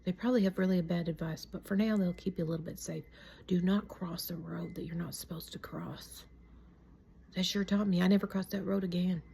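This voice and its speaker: A woman's voice: fairly low pitch, steady tone, fairly quick, creaky, warm tone, a little hiss or hum. A middle-aged woman telling a childhood story in a casual, folksy way, often dropping into whispers and mild swearing.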